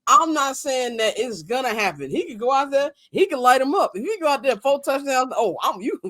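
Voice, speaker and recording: A man hosting a casual sports talk podcast, animated, swinging between loud and soft, swearing casually. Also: very high voice, brisk, no room sound. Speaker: podcast host.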